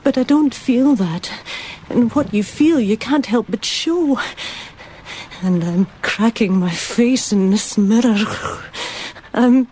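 A woman playing a king's mistress who is changing into an animal, delivering a slow, brooding, poetic monologue in a husky voice. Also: fairly high pitch, mellow, slight background noise. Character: king's mistress turning into a beast.

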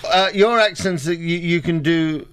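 A man's voice: a little high, a little slow, a bit bright, clean tone. A man co-hosting a radio chat, telling rambling jokes and laughing often. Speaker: radio co-host. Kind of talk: casual comic chat.

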